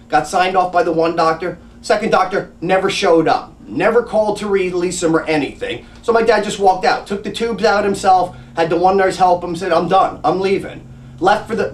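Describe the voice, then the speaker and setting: Guy ranting about a doctor visit, high voice swinging all over, echoey room, mic a ways off. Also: recorded from a distance. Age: adult with a grandmother and father living. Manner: agitated, animated retelling with acted-out quotes. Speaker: family advocate recounting a doctor visit. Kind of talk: casual personal storytelling.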